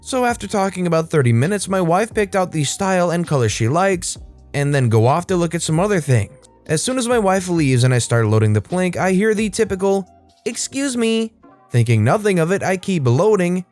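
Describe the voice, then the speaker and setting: Lively high-voiced man reading stories. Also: fairly quick, faint music behind. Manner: lively, animated storytelling. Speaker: storytime channel host. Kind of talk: reading online stories aloud.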